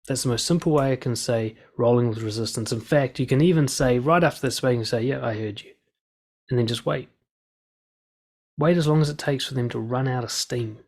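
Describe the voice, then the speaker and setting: Gravelly, husky man giving blunt advice. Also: mid-range voice, fairly quick, a little mellow. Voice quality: blunt, swears freely, acts out quoted lines. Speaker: dating and confidence coach. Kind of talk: direct advice monologue.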